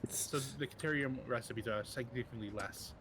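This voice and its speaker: A man's voice: mid-range voice, a little fast, a bit bright, slight background noise. A man co-playing a game, chatting casually with brief, dry remarks. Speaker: co-player. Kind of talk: casual gameplay chat.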